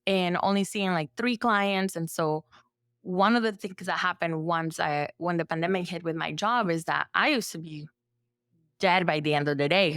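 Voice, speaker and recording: Low, smooth-voiced woman telling her story. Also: moderate pace, no room sound, clean studio sound. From El Salvador. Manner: frequent "like" fillers, lively acted-out quotes. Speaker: therapist and podcast guest. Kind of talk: conversational storytelling.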